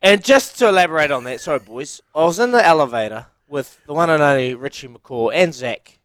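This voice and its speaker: A man's voice: on the high side, fairly quick, dry recording. A man with a New Zealand accent, co-hosting a radio show in casual banter and acting out stories with quoted voices. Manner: animated storytelling, acts out quotes. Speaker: radio co-host.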